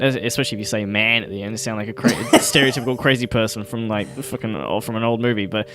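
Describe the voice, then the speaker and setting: A man's voice: mid-range voice, quick pace, hardly any pauses, over music. A man co-hosting a podcast in casual chat, rambling and easily sidetracked, often laughing as he talks. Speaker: podcast co-host.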